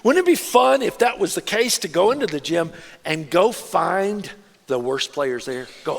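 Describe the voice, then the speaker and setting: A man preaching a sermon in a church in a lively, conversational way, now and then putting on voices. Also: sits high, gravelly. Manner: animated, conversational preaching with quick put-on voices. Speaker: pastor. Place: church auditorium. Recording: long reverb of a large church hall.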